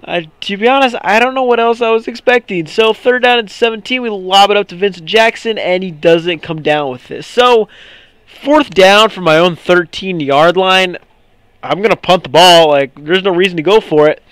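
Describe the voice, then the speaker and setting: Excitable young man with a high voice. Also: moderate pace, clean tone, no room sound. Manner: excitable, ranting, frustrated. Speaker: gaming commentator. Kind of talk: gameplay commentary.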